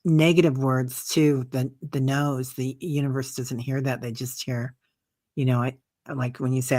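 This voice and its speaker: A woman hosting an interview, supportive and quick to agree with her guest. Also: very deep voice, steady tone, darkish tone. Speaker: host. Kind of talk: casual conversational interview.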